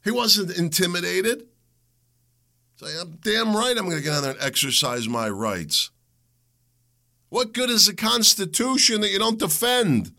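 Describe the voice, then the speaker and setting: Man, middle-aged, gravelly, combative ranting monologue, lively pitch. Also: a little slow, pauses often. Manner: heated, combative ranting with rising shouts. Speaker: podcast host. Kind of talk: opinionated solo monologue.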